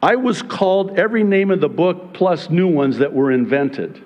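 A male pastor preaching about prophecy from the pulpit, sarcastic and animated, mocking his critics in put-on voices. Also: high voice, moderate pace, dull audio. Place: church sanctuary.

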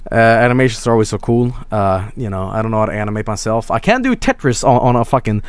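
A man's voice: on the low side, expressive, fast talker, clear, resonant tone, dry recording. A man streaming, chatting casually to his viewers in a rambling, crude, swear-filled way.

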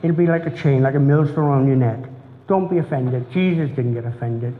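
A middle-aged pastor preaching a sermon in an earnest, repetitive, preacherly cadence. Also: male voice, mid-range voice, brisk. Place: church. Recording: tinny phone-like sound in echoey church hall.

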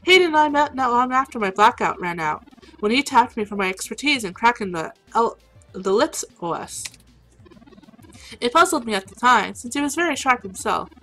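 A woman's voice: a little high, lively intonation, normal speed, a bit bright, soft background music, pitched above the performer's own voice, rough recording. A woman voicing a breezy hacker who calls people hun, attempting a drawl and reading the lines aloud. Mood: easygoing.

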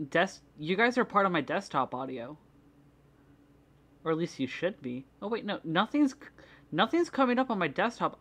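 A woman's voice: sits low, fairly bright tone. A young woman with a Midwestern accent and a slight speech impediment, chatting frankly on a casual stream and swearing freely. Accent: Midwestern American.

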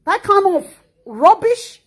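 A Nigerian woman in her thirties speaks in a high voice and a Nigerian Pidgin accent. She scolds with passion and repeats her words as she reacts to the news. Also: sing-song, takes it slowly. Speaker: social media commentator. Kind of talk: emotional reaction monologue.

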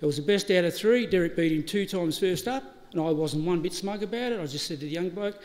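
A man's voice: high-pitched, fast, a little mellow. A middle-aged Australian man giving a eulogy, telling funny stories with laughter and acting out the dialogue. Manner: anecdotal, laughing, acts out dialogue. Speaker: eulogy speaker. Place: funeral service hall. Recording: reverberant hall, faint ambient noise.

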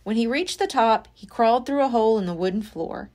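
A woman's voice: fairly high pitch, animated, a little fast, darkish tone. A woman library storyteller reading a children's chapter book aloud with expression. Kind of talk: children's read-aloud narration.

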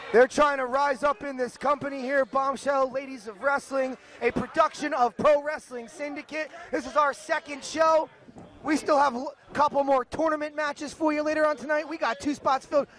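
A man's voice: extremely high pitch, fairly bright tone. A man calling a wrestling match play by play, joking and teasing his partner. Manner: joking, laughs often, teases partner. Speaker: wrestling commentator. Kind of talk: play-by-play commentary.

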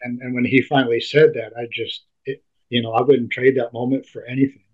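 A man being interviewed, telling a personal story in halting speech that often repeats and restarts words. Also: medium pitch, flat delivery, darkish tone, husky. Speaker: interview guest. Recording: dull lo-fi recording.

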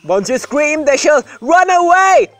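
A gaming host giving playful, rambling let's-play commentary that breaks into sudden excited shouts. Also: high voice, a little slow, over music.

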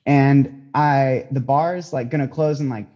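A man telling a relaxed anecdote in casual chat. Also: mid-range voice, a little slow. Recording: slightly dull lo-fi audio.

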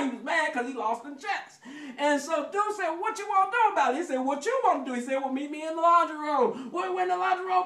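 High-voiced preacher in an echoey church. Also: male voice, a bit bright, recorded from a distance. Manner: folksy storytelling, acts out anecdotes with sound effects; call and response. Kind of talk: sermon. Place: church sanctuary.

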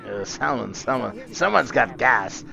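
A man's voice: mid-range voice, animated, unhurried, creaky, noisy background. A man streaming as a giggly, teasing clown villain, drawn out and theatrical, in a live game. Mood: gleeful teasing. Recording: muffled stream audio with music.

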